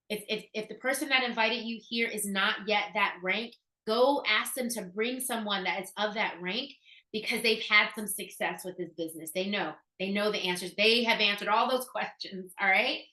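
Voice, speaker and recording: Emphatic bright-voiced woman presenter. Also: medium pitch, reverberant, poor audio. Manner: emphatic, asks many rhetorical questions; casual, slangy, laughs often. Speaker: business presenter. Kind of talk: motivational business presentation.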